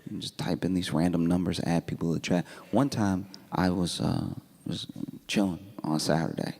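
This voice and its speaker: A man doing stand-up, telling a story in a deadpan, laid-back way with laughing asides. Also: low voice, moderate pace, vocal fry. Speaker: stand-up comedian.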